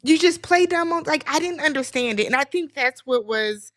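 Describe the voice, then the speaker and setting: A woman's voice: high voice, expressive, normal speed, fairly bright tone. A woman guest in a casual live recap chat, voicing exasperated, emphatic opinions. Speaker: co-host guest.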